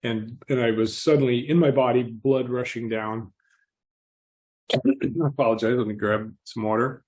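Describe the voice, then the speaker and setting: A man speaks as a podcast interview guest, telling his story calmly and reflectively. He clears his throat often and sounds gently amused at himself. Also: medium pitch, moderate pace.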